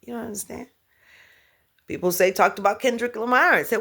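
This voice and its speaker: A middle-aged woman and spiritual speaker giving a motivational vlog talk, animated, laughing often and dropping into whispers. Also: on the high side, fairly quick, gravelly, slightly rough.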